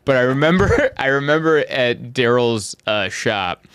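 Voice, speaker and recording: A man's voice: medium pitch, expressive, unhurried, a bit bright, clear, resonant tone, dry recording. Rambling, self-mocking man host. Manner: rambling, self-deprecating storyteller. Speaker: podcast host. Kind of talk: casual chat.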